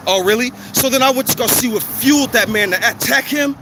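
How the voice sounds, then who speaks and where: A man's voice: high-pitched, lively intonation, fast, hardly any pauses. A man, ranting bluntly and profanely in a walking vlog, recorded outdoors by a road. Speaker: vlogger. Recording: outdoor street noise, passing cars.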